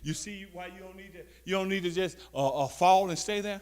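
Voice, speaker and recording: A high-pitched man preaches a sermon, reading scripture slowly and loudly. Between readings he talks back to his listeners, slipping into quiet asides.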